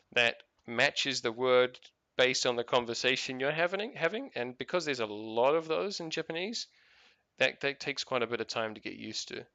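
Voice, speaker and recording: A gaming streamer, an adult man who has been married for years, rambles in casual chat as he plays and swears freely. His mid-range voice is bright and forceful, recorded without echo.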